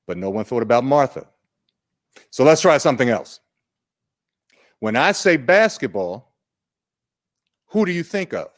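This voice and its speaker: A man presenting at an online training day, unhurried and conversational, putting questions to his audience. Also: mid-range voice, sing-song.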